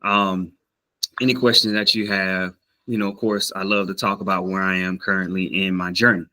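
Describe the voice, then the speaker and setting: A man from the Southern United States, with a low-sitting voice and normal speed, vlogs casually about learning a language on a rough recording. He's animated as he tells a story, acting out voices amid many fillers and restarts.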